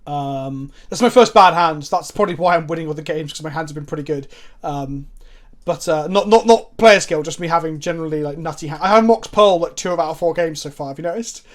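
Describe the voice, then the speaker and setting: A man's voice: fairly high pitch, fairly quick. A man chatting casually during a card game, rambling through anecdotes with swearing and self-mockery. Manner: rambling, swears, self-mocking, frequent restarts. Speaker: card game player and co-host. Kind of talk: casual gameplay chat with anecdotes.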